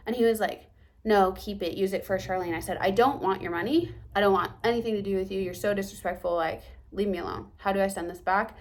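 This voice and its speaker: A young woman telling a story to her camera in a casual vlog, animated and acting out the lines people said to her, with whispered asides. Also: medium pitch, normal speed. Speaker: vlogger.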